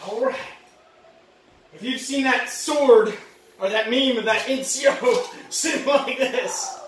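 Give me a woman playing a rambling patriot ex-Marine dad, bright and animated. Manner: boastful, rambling, shouts then drops low. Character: brash loudmouth male ex-Marine patriot dad. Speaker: comedy vlogger. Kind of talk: comedic character monologue. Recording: roomy echo, mic at a distance.

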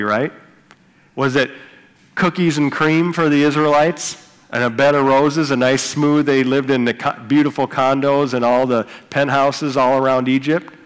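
A man's voice: mid-range voice, a little slow. Man preaching in a reverberant church hall. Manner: conversational preaching, retells Bible stories with asides. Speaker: pastor. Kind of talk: sermon. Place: church sanctuary.

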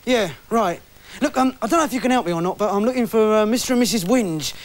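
A woman's voice: mid-range voice, lively intonation, fast, lightly acted. A performer playing a puzzled young man searching for his long-lost parents. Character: dazed amnesiac grown son.

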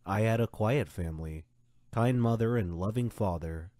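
A man telling a first-person story as scripted narration, in a slow, measured way. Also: lowish voice, mellow, no echo, clean studio sound.

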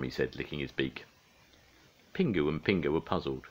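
An older man reading a children's storybook aloud in a lively, animated way. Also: a bass voice, moderate pace, highs cut off.

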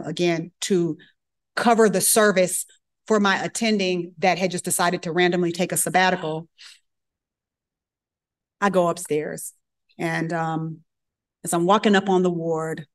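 A woman giving a lecture, telling a story and acting out the dialogue in character voices. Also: on the low side. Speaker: guest speaker at medical grand rounds.

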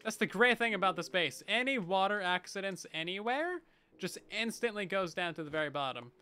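A man's voice: high voice, lively intonation, fairly quick, bright, forceful tone, clear, resonant tone. A man chatting casually and playfully to his viewers while he plays a game on a livestream, with bursts of mock panic. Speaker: streamer. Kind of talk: casual gameplay livestream chat.

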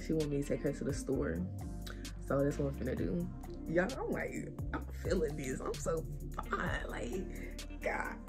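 Young woman vlogger, casual slang-heavy chat, lowish slow voice, some faint music in the background. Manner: relaxed, chatty, uses slang like "finna" and "y'all". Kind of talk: casual vlog talk to camera.

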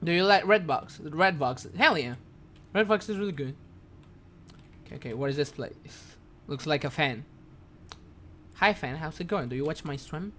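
A man whose first language is Spanish, streaming a game live in broken English, jumpy and quick to yelp and curse when startled. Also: on the high side, expressive, pushed and bright, slight background noise. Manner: broken, non-native English.

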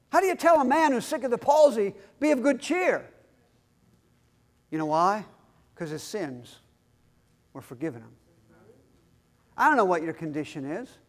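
High-voiced preaching pastor. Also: male voice. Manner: emphatic preaching with call-and-response questions. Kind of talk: sermon. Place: church.

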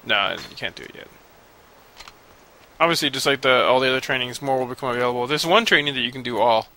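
A man rambles through casual commentary over a video game, cranky and swearing freely. His voice has a bright edge and a gravelly fry running through it, with a faint hum of noise underneath. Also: medium pitch, fast. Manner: rambling, cranky and profane, laughs often. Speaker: let's play commentator.

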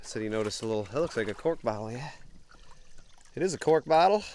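A young man, chatting excitedly to viewers while wading a creek, sniffling from allergies. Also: mid-range voice, fast, a little hiss or hum. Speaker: bottle-hunting vlogger. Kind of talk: casual outdoor vlog narration. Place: outdoors in a creek.

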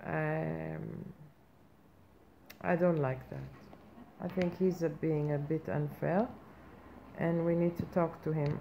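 A woman's voice: fairly low pitch, gravelly, darkish tone, heavily acted. A woman playing a brash, self-important female reporter persona in a satirical comic monologue, ranting in a mock-earnest way with outraged questions. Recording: muffled lo-fi recording with faint background noise.

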